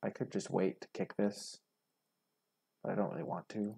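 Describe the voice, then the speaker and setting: A man's voice: on the low side, flat delivery, normal speed, creaky, mellow, husky. A young man giving casual, chatty commentary over a card game, thinking aloud and criticizing his own plays. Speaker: gaming streamer.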